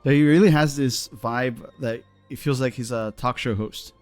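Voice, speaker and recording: A man's voice: mid-range voice, moderate pace, a little mellow, no echo, soft background music. Curious man in a dry close recording. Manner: asks questions, quotes clips. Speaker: co-host, English teacher. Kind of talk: casual teaching chat.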